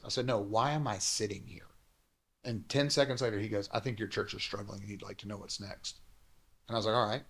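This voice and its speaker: Fast-talking man telling a story. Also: medium pitch. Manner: fast animated storytelling, acting out quoted dialogue. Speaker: pastor. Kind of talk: telling a personal story as a guest.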